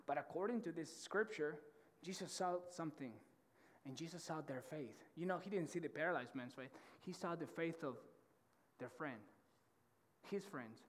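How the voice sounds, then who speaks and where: A man's voice: fairly high pitch, expressive, normal speed, big-room sound, slight background noise. A man preaching a sermon as pastor, fervent and passionate, often repeating words and restarting phrases. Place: church auditorium.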